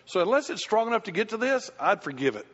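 High-voiced older pastor. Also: male voice, fast talker. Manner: animated storytelling, acts out quoted voices. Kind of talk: church Q&A teaching. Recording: muffled hall recording.

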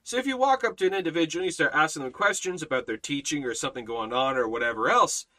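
A man's voice: on the high side, fast, sharp tone, low-quality recording. A man teaching a Bible study in a sermon style, emphatic, repeating phrases and restarting often.

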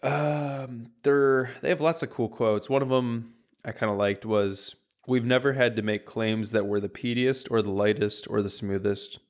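A man presenting a topic on a casual podcast, relaxed and rambling with lots of fillers. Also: medium pitch, measured pace. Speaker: podcast co-host presenting a whisky distillery.

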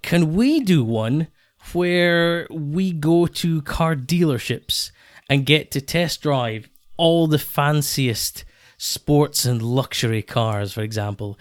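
Man, average pitch, dry teasing banter, casual podcast chat. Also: slow pace, clear, resonant tone. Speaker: podcast co-host.

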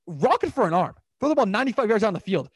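A young man hosts a casual sports talk show, speeding through scores with quick, lively swings in his voice. His pitch sits a little high for a man. The sound is dry and close. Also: breathy edge, dry recording. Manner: animated, rambling, quick recaps of scores. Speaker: podcast host.

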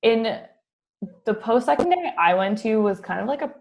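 A woman's voice: fairly high pitch, big pitch swings, normal speed, vocal fry, a little mellow. A young woman chatting casually, laid-back and wry. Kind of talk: casual chat.

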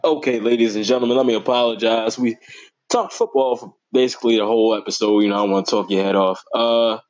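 Excitable man on a lo-fi sports podcast. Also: fast. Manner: animated, voice jumps high when excited; informal, slangy and playful. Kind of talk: casual sports talk. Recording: dull lo-fi recording.

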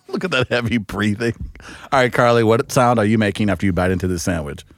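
A man's voice: mid-range voice, a little fast, no room sound, clean studio sound. A man co-hosting a radio show, joking and teasing his co-hosts in casual banter. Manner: playful, teasing, lively.

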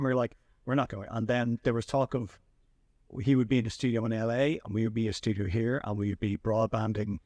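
A man hosting a podcast and telling a story in a chatty, animated way with lots of restarts. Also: lowish voice, fairly quick, dry recording, studio quality. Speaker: podcast host. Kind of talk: casual storytelling chat.

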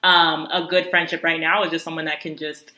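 A woman speaks reflectively in a casual podcast chat, her voice slightly low but bright. The sound is roomy, with noticeable echo. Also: level tone, brisk. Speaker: podcast co-host.

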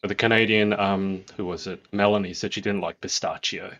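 A man's voice: low-pitched, fairly even intonation, normal speed, muffled recording, background noise. A man co-hosting a podcast, chatting casually and jokily, rambling with restarts. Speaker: podcast co-host. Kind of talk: casual chat.

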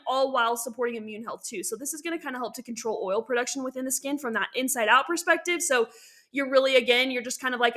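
A woman's voice: a little high, bright, forceful tone. A young woman hosting a casual skincare podcast, chatty and upbeat, with many fillers and self-corrections. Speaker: podcast host and esthetician. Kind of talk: casual educational podcast talk.

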